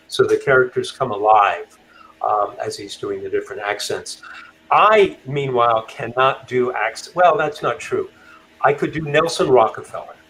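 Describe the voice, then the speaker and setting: A man, an author guest in a casual interview, telling stories in a halting way with frequent fillers and restarts. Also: mid-range voice, fairly bright tone, a little hiss or hum.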